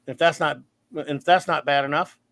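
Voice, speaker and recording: High-voiced man hosting a casual stream. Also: steady tone, moderate pace, vocal fry, a bit bright, no room sound. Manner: rambling, playful, self-mocking. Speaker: livestream show host. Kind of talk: casual chat.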